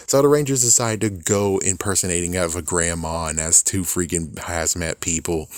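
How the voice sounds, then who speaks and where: A young man casually reviewing a TV episode, animated, swearing a lot and laughing often. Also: sits low, no echo, studio quality. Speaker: show reviewer.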